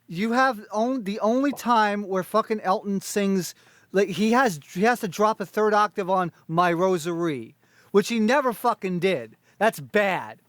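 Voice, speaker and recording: A man's voice: high-pitched, unhurried, no room sound. A man ranking concert recordings, firing off a long list of blunt complaints and swearing constantly. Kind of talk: profane critical rant.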